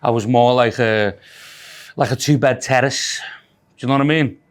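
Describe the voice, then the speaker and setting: Scouse male co-host, casual sweary self-mocking banter, mid pitch. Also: moderate pace. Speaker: podcast co-host.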